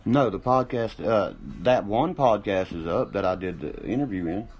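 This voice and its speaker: A man's voice: fairly low pitch, moderate pace, a little mellow, slightly rough, muffled recording. A man hosting a casual livestream, rambling and boastful, swearing often while he drinks. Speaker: livestream host.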